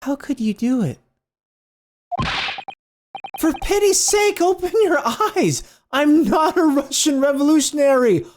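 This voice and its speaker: A man's voice: very high voice, expressive, a little slow, pauses often, a little mellow, pitched above the performer's own voice. A man as a flustered young law student. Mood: exasperated. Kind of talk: reading game dialogue aloud. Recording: game music playing behind.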